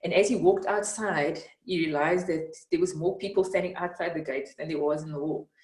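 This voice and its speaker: A South African woman with a low voice talks in an earnest, reflective way, lively when she retells a scene. She sits some way from the mic in a room with a noticeable echo. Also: a little fast. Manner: earnest, animated when retelling, frequent fillers. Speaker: interviewee, mentor. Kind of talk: reflective storytelling in conversation. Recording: roomy, from some distance off the mic.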